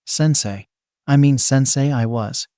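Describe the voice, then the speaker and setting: A man's voice: mid-range voice, measured pace, warm tone, clear, resonant tone, dry recording, clean studio sound, close to an everyday voice. Man reading as a panicky young girl. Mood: nervous. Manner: flustered, stammering, pleading.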